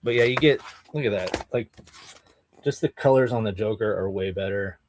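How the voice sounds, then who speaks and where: A man's voice: fairly low pitch, normal speed, noisy background. A man co-hosting a casual podcast, explaining details with enthusiasm and peppering his talk with "like" and "dude.". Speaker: podcast co-host. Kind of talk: casual comic-book discussion.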